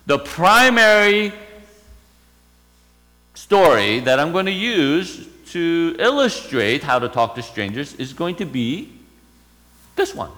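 A man's voice: on the high side, sing-song, slow pace, long pauses, sharp tone, in a large hall, rough recording. A man preaching a sermon, retelling a story and asking rhetorical questions.

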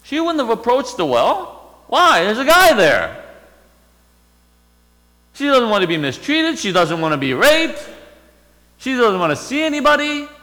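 A man's voice: very high-pitched, very animated, normal speed, bright, forceful tone, long reverb tail, rough recording. A man preaching a sermon, retelling a story and asking rhetorical questions.

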